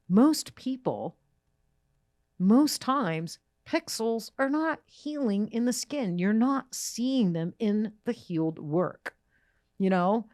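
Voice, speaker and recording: A woman's voice: medium pitch, darkish tone, no room sound, studio quality. A woman hosting a podcast, talking in a chatty, enthusiastic way with many fillers and restarts. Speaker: podcast host. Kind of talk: casual podcast chat. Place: recording studio.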